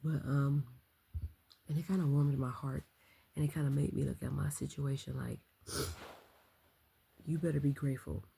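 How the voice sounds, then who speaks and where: A woman talking in a casual late-night vlog, keeping her voice low and soft, reflective and full of ums and likes. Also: vocal fry, husky. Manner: speaking softly and low to keep quiet. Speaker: vlogger.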